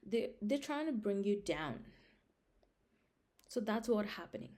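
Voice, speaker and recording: Animated yet measured, this young vlog host speaks in a mellow, mid-range voice while giving casual life advice straight to viewers. She hammers points home by repeating them and keeps asking "Understand?"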